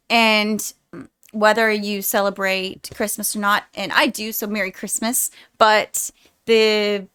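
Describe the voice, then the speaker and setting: A woman's voice: medium pitch, clean tone. A young woman vlogging a movie reaction, chatting casually to her viewers in a rambling, heartfelt way with lots of "like.". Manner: rambling and chatty, says "like" often; warm and heartfelt toward viewers.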